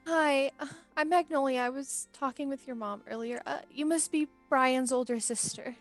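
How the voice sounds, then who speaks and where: Woman player, high voice, soft-spoken, faint music under. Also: moderate pace. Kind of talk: in-character role-play.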